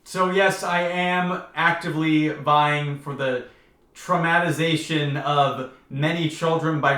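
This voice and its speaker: A man's voice: a little high, sharp tone. A young man in his twenties giving casual, chatty book commentary, full of "like" and wry asides. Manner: chatty, heavy use of 'like', wry. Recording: echoey room.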